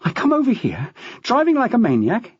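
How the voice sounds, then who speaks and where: A man's voice: extremely high pitch, wildly swooping pitch, a little fast, husky, no room sound, voice pushed up, heavily acted. A man voicing a furious, out-of-breath wife who snaps in a raised voice. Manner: snapping, out of breath. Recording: dull, dry.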